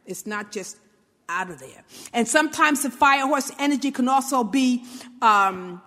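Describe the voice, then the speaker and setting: A woman's voice: a little high, expressive, measured pace, sharp tone, big-room sound. A woman from Brooklyn, giving an informal motivational talk and often checking in with "right?". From New York, Brooklyn. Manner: conversational, often asks "right?", acts out little quotes.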